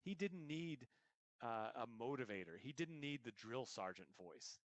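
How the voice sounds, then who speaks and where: A man's voice: mid-range voice, expressive, unhurried. A man, an endurance coach, answering interview questions in an earnest way, often restarting and repeating words.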